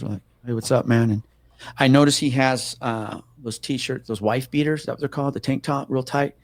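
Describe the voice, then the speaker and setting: This medium-pitched man, a middle-aged police officer, is captured in a dry recording. In a casual interview he tells a story full of swearing, bringing it to life by voicing the people in it.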